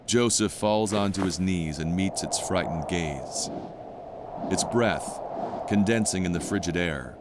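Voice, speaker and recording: Deep-voiced male drama narrator. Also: heavy background noise. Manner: measured, descriptive. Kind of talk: scripted narration of an audio drama.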